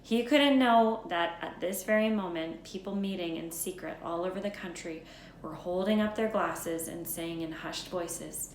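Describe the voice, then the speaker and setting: A woman's voice: lowish voice, measured pace. Woman reading a storybook aloud, roomy room. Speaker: teacher. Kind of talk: read-aloud storybook narration. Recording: roomy echo, faint background noise.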